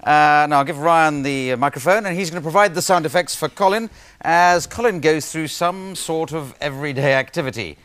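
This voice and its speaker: A British man hosting an improv comedy game show, setting up games briskly with dry asides and hesitant fillers. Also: fairly high pitch. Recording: television studio with loud audience laughter and noise.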